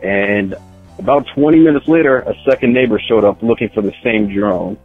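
A man's voice: lowish voice, moderate pace, narrow, tinny audio, faint music behind. A man leaving a hesitant, rambling voicemail for a podcast host. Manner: hesitant, many ums and uhs. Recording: husky phone voicemail.

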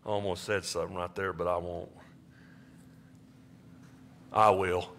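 Pastor giving an animated sermon, bright, forceful male voice. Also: measured pace, a little hiss or hum. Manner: animated, jumps high in pitch for emphasis.

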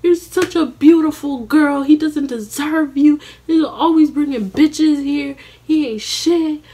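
A woman voicing a fed-up middle-aged mother who loudly berates a young woman with rapid, repeated questions. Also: high-pitched, pitched above the performer's own voice. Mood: scolding. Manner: loud, berating, repetitive questions.

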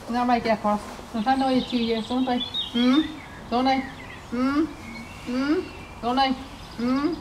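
A woman's voice: high voice, steady tone, slow pace, long pauses. A woman chats while filming at a horse stud, repeating herself and cooing to the horses. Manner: chatty, repeats herself, coos and talks to the horses. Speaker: horse enthusiast vlogger. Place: outdoors at stud stables. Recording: outdoor camera audio with clear background noise. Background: outdoor ambience with horses and birds.

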